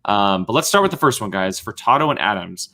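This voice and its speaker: A young man hosting a podcast panel, leading the chat in a relaxed way with fillers. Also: fairly low pitch, brisk. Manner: relaxed, leads the discussion with fillers. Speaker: podcast host. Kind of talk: casual chat.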